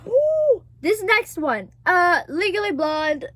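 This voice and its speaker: A woman's voice: very high voice, big pitch swings, slow pace, fairly bright tone, dry recording. Brief: young woman vlogger, dry close sound, gushy and foul-mouthed, laughs a lot. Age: 20s. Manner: gushing and profane, laughs often. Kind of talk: casual chat.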